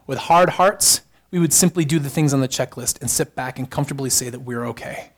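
An adult married pastor preaches a sermon in a mid-range voice at a fairly quick pace. He speaks emphatically, building to fervent repeated phrases.

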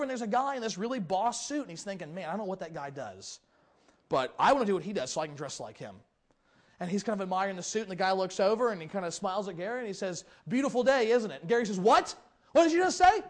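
Male preacher, high, quick delivery, acts out the quotes. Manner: animated, acts out quoted voices. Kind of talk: sermon storytelling.

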